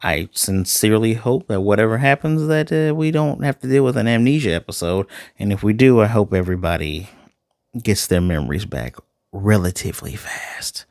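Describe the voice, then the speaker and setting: His fairly low, slightly mellow voice carries an upbeat, chatty review of a TV episode, with lots of repeated phrases. He's a TV show reviewer from Chicago, recorded cleanly in a studio with no room sound.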